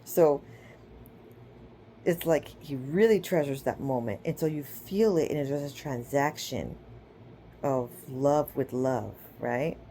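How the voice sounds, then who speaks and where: A woman's voice: rumbling low, slow, mellow, slight background noise. Chatty woman teaching scripture, casual. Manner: chatty, checks in with "okay?" and "right?"; retells scripture stories with acted-out quotes. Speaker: online spiritual teacher.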